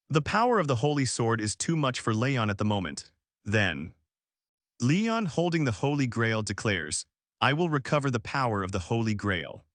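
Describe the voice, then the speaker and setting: Male narrator, dramatic scripted read with rhetorical questions, mid pitch, dry booth sound. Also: a bit bright, dry recording. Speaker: recap narrator.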